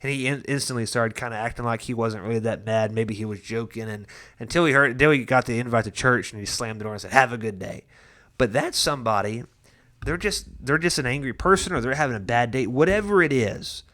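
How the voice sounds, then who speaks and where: A man's voice: mid-range voice, fast talker, a bit bright. A young adult man, a pastor giving a casual devotional talk, earnest and conversational with frequent restarts and personal stories.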